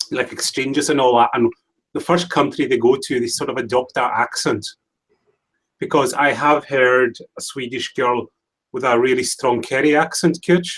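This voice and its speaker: A man's voice: medium pitch, poor audio. A man hosting a casual livestream chat, talking in a rambling, chatty way. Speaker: livestream host.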